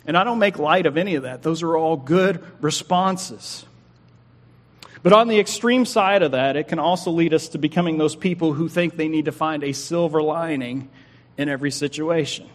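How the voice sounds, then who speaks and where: A man in his forties, a pastor delivering an earnest sermon with emphatic, slowly paced pauses. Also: a little high, a bit bright. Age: 40s. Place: church sanctuary. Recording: long hall reverb.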